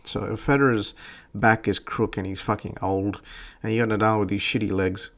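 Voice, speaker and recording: A man's voice: on the low side, fairly even intonation, moderate pace, creaky. A man hosting a podcast, ranting bluntly and profanely in a rambling way. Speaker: podcast host. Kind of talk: profane opinion rant.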